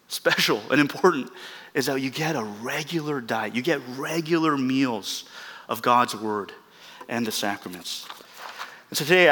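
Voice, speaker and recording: Earnest preacher with a bright, ringing voice. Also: male voice, medium pitch, big-room sound. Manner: earnest, emphatic, repeats phrases for stress. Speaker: pastor. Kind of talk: sermon.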